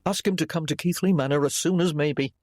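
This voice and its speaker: A man's voice: on the high side, fast talker, darkish tone, no room sound, studio quality, close to an everyday voice. A man voicing a protective young nobleman in an audiobook, firm and reasonable in tone. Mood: urgent. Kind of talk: audiobook character voice.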